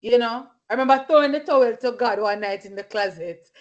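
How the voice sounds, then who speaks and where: A woman preaching with fervent conviction, her fairly high voice sprinkled with hallelujahs. She leads a Bible study as a sermon and shares testimony along the way. The recording sounds dull and lo-fi. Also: a little fast. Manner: fervent, punctuated with hallelujahs and praise.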